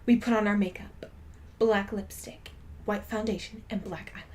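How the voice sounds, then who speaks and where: A young woman streamer reading a story aloud in a soft, half-whispered voice, with loud outbursts of commentary. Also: medium pitch, fairly even intonation, normal speed.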